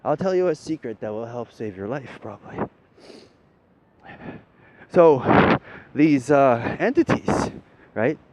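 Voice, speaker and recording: A man's voice: lively intonation, slow pace, pauses often, darkish tone. A man giving a rambling spiritual monologue, often ending his points with "right?" and swearing casually. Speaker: spiritual talker. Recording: dull lo-fi audio with faint rumble.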